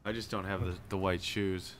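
Man, low voice, relaxed co-op gaming chat, faint game noise behind. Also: normal speed.

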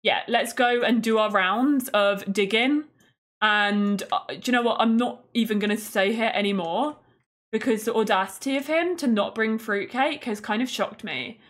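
A woman's voice: a little high, normal speed, fairly bright tone. A woman giving casual, playful gameplay commentary as a streamer, chatty and mock-indignant as she greets her chat. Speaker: gaming streamer.

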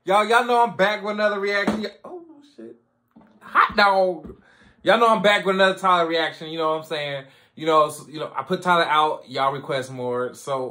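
A man hosting his own music reaction video, chatting casually and excitedly, repeating phrases and laughing often. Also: on the high side. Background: music playing.

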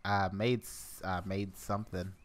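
Low, slow-talking young man playing a game. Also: level tone. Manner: rambling, muttering to himself, chuckling. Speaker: gameplay commentator. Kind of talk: let's play commentary.

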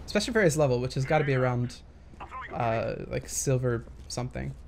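A man's voice: mid-range voice, a little fast, gravelly, a little hiss or hum. A young man casually commenting on gameplay footage, thinking aloud and hesitating with many fillers. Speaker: gaming commentator.

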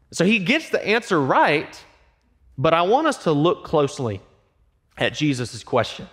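A man pastor preaching a sermon, acting out quoted voices and dropping to hushed, emphatic lines. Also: fairly high pitch, big pitch swings, a little slow. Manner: acts out quoted voices and asks the congregation questions.

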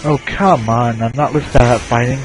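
A man's voice: medium pitch, fairly even intonation, moderate pace, faint music behind, poor audio. A man doing casual game commentary, reading the on-screen game text aloud between offhand asides at his computer. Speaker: let's play gamer.

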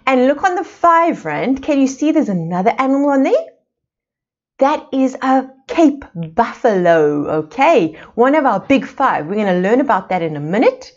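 A woman from South Africa teaching small children in an online playschool lesson, asking slow, sing-song questions. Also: sits high, very animated, muffled recording. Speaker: preschool teacher.

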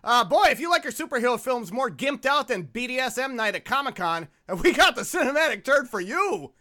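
A man hosting a comedy podcast, joking around, laughing loudly and calling out names. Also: very high-pitched, sing-song, brisk. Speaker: podcast host.

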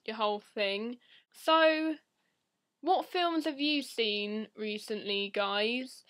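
A teenage woman vlogging casually to camera in a deadpan, rambling, silly way. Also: a little high.

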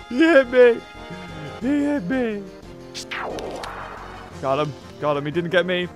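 A man giving excitable let's play commentary, laughing, yelping and muttering to himself as he plays. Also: very high voice, takes it slowly, pauses often, faint music behind. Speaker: gameplay commentator.

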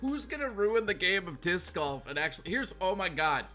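Brash Minnesotan man, bright forceful voice, profane and teasing, casual podcast chat. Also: high voice, very animated, moderate pace, faint music behind. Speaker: podcast co-host.

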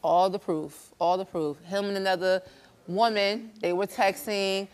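A woman's voice: medium pitch, a little slow. A woman guest on a talk show, animatedly retelling a relationship fight on a studio stage. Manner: animated storytelling, acting out quarrels.

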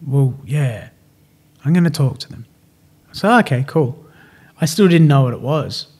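A man's voice: on the high side, moderate pace, breathy edge. A man in his thirties from Australia, a podcast guest telling stories in casual, slangy Australian speech and acting out what others said. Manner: animated, slangy, acts out quoted dialogue. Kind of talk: casual storytelling.

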